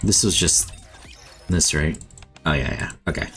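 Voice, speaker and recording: A man's voice: extremely low pitch, a little slow, a bit bright, faint music behind. A man streaming a game, chatting casually and thinking aloud as he plays.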